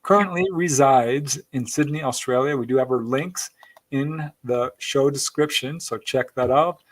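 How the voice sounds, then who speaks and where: A man's voice: medium pitch, unhurried. A man hosting a podcast, introducing his guest in an enthusiastic, effusive way and chatting casually. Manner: warm, effusive, upbeat. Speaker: podcast host. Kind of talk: enthusiastic show introduction and chat.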